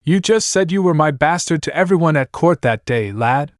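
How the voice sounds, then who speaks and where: Gruff, mocking older nobleman, raised and loud, read by a man putting on the voice. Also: fairly high pitch, lively intonation, moderate pace, no echo, studio quality, voice pushed up, close to an everyday voice. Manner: commanding, blunt, mocking. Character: stern older male noble lord, gruff commander.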